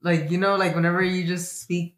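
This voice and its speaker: A young man chatting casually, sheepish and quick to laugh. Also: high-pitched, level tone, a bit bright. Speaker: guest, boyfriend. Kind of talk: casual chat. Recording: echoey room.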